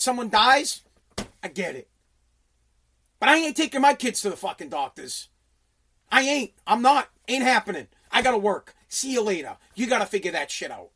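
A man's voice: high-pitched, very animated, moderate pace, fairly bright tone, breathy edge. A man, a business owner and radio host, ranting bluntly and profanely about hard work. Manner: profane, aggressive, emphatic. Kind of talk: blunt motivational rant.

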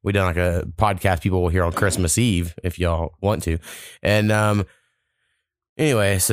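Young man, low voice, dry close sound, rambling profane podcast storytelling. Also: moderate pace, no room sound. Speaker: podcast host. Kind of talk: casual podcast chat.

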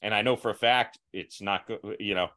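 A man's voice: lowish voice, fairly even intonation, fairly quick, sharp tone. Self-mocking male podcast host. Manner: restless, many restarts and self-mocking asides. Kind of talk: casual chat.

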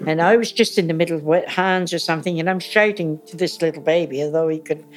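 A woman's voice: low voice, fast talker, faint music behind. An older woman, a mother, telling family stories in a casual interview and acting out old moments with laughter. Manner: animated, laughing as she acts out memories.

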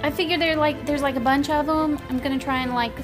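High-voiced woman rambling through her turn. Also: fairly even intonation, quick pace, over music. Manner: rambling, hesitant. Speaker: player. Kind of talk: casual chat.

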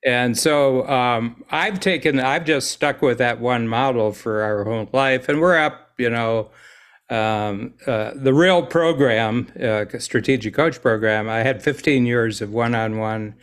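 An American man in his own voice, a podcast guest, talking at an ordinary pitch. He wanders through anecdotes, restarts his sentences and chuckles often, in loose conversation. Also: a little slow, fairly bright tone, clean tone. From United States. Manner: rambling storyteller, laughs often, restarts.

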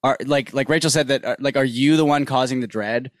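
A man's voice: mid-range voice, fairly quick, dry recording, studio quality. A man co-hosting a podcast in casual chat, teasing and hesitant, often restarting his sentences. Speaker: podcast co-host.

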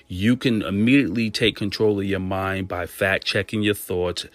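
Lower-voiced guy giving a preachy self-help talk, talks straight at you, dry close sound. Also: fairly even intonation, moderate pace, hardly any pauses, fairly bright tone, dry recording. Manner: earnest, preachy, direct address; repeats phrases for emphasis. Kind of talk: motivational monologue.

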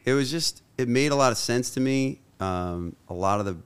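A man's voice: mid-range voice, expressive, moderate pace, clean tone. A man reciting an earnest spoken-word poem and then talking openly and heartfelt in a casual podcast chat. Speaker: guest musician.

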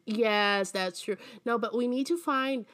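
A woman's voice: on the high side, measured pace, a bit bright. A woman co-hosting a true crime podcast, chatting bluntly with sarcastic asides and casual swearing, then reading case details.

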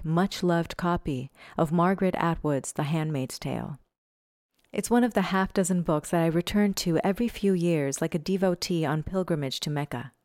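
A woman in her twenties reading a first-person memoir in a measured, reflective way. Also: lowish voice, a little mellow, no room sound, clean studio sound. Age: 20s. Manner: measured, reflective, slow pauses. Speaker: narrator.

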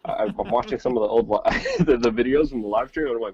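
A man co-hosts a podcast, reporting from the field and chatting casually over a remote call in what sounds like a live-stream conversation. His medium-pitched voice has a darkish tone and moves fast with few pauses, rambling, repeating words and using many fillers. The audio is dull.

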